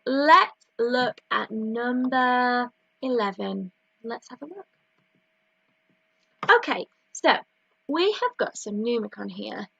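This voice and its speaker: A woman with a Northern English accent, teaching a slow, clear maths lesson to young children with counting chants. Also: fairly high pitch, bright, forceful tone, no echo, dull audio. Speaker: reception class teacher.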